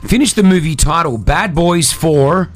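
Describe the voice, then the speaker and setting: A man hosting a morning radio show, joking with co-hosts and running a quiz in a quick, upbeat way. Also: on the high side, faint music behind. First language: Arabic. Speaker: radio host.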